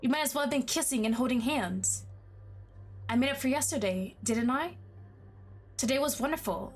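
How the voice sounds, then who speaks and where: A woman voicing an obsessive, possessive young man in a game, pleading and then turning menacing, her line endings sinking low and hushed. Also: animated, normal speed, faint music behind. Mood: desperate. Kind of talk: game dialogue read aloud.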